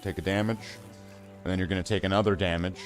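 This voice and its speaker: A man with a fairly low voice gives casual commentary while playing a card game. He rambles, talks himself in circles and keeps trailing off into quiet mutters. Faint music plays under his voice. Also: fairly even intonation, quick pace. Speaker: streamer.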